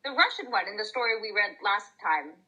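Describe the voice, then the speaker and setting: A woman co-hosting a podcast who chats casually about a book in a relaxed way. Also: mid-range voice, a little fast, rough recording. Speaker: podcast co-host.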